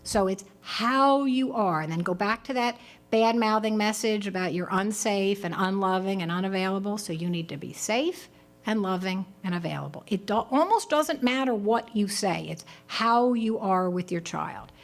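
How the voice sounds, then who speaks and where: A woman at a conference, answering questions from the audience in a voice of medium pitch. She gives direct, practical advice and checks in with "right?" as she goes. When she acts out what someone might say, her voice turns livelier. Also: lively intonation, normal speed. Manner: acts out example dialogue in a livelier voice; direct, advising tone with frequent "right?". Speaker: conference speaker.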